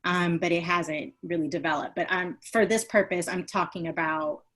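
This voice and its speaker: A woman's voice: lowish voice, fairly even intonation, normal speed, fairly bright tone. A woman who is a new coach talking in a webinar, answering questions hesitantly with some fillers. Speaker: coaching student. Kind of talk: casual conversation.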